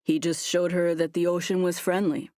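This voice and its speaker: A woman voicing a gentle, reserved young man in an audiobook, speaking calmly. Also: fairly low pitch, moderate pace, dry recording, studio quality, lightly acted.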